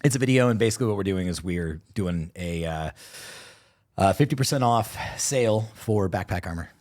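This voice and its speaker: A man co-hosting a casual podcast, swearing often as he tells a rambling, animated story. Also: deep voice, normal speed. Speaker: podcast co-host.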